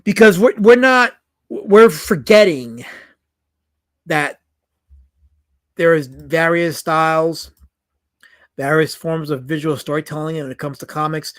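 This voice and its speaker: A middle-aged man talks through a live stream in a loose, chatty way. His voice sits high for a man, and he drifts into wry asides as he answers his chat. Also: unhurried, pauses often. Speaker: streamer discussing comic art. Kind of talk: casual live-stream commentary.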